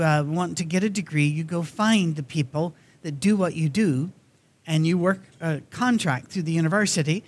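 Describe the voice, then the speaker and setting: A man's voice: fairly high pitch, breathy edge. A man preaching a sermon in a church, telling stories in a conversational manner. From Scotland. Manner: conversational, storytelling.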